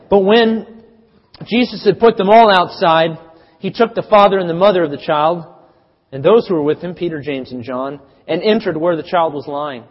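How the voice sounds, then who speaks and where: Male preacher, dramatic storyteller, slightly high, muffled sound. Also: normal speed. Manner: storytelling, dramatic swings in loudness. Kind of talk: sermon. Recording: dull sound with long reverb.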